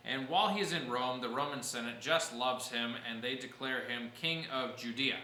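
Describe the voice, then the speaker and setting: A man's voice: medium pitch, moderate pace, sharp tone, echoey room, slight background noise, low-quality recording. A man teaching a church history class, explaining events patiently and answering questions from his students.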